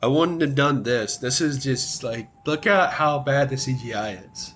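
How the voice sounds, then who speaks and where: A man's voice: medium pitch, animated, measured pace, a bit bright, a little hiss or hum. A man hosting a podcast, chatting casually and ranting with strong opinions. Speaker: podcast host.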